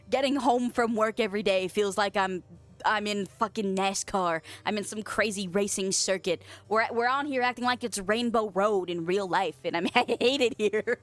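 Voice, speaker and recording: A young woman streamer chatting casually with her viewers, playful and giggly, swearing freely and yelping in a squeaky voice. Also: moderate pace. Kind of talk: casual chat reading viewer messages. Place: home office.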